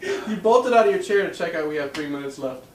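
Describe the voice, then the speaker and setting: A man recaps a movie in casual conversation, his voice sitting a little high. He sounds set back from the mic in an echoey room, with a faint hiss underneath. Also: animated, fast talker, recorded from a distance. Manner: recapping with frequent laughs. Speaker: co-host. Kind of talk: casual movie review chat.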